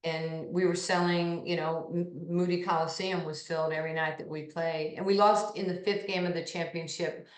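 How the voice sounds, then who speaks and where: A New York woman in her sixties, a basketball pioneer, tells animated stories as a guest in an interview, slipping into the voices of the people she quotes. Her slightly low voice moves at a moderate pace with few pauses, and the room adds a noticeable echo.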